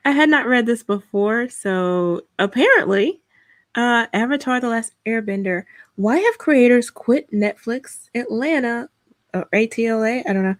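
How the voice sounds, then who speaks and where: A woman's voice: a little high, lively intonation, a little slow. A woman co-hosting a podcast, reading a news article aloud and adding her own asides. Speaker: podcast co-host.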